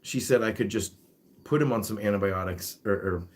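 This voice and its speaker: A man with a slightly low voice hosts a relaxed live chat. He reads viewer comments aloud and talks to his animals between answers. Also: normal speed. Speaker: guinea pig rescuer hosting a live chat. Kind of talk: casual live-stream chat.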